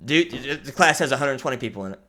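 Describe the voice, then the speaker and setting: A young man co-hosting a casual podcast, telling stories and laughing loudly at his own jokes. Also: mid-range voice, animated, fast talker. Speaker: podcast co-host. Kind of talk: casual chat.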